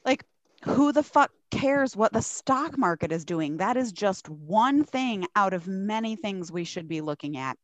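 A woman's voice: medium pitch, a little slow, no room sound, muffled recording. A woman co-hosting a podcast, ranting casually and profanely about politics. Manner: profane, animated storytelling. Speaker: podcast co-host.

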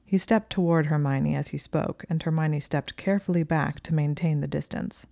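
A woman reading a story aloud in a steady, even storytelling manner. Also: deep voice, moderate pace, gravelly, dry recording, studio quality. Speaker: audiobook reader. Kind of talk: reading fan fiction aloud.

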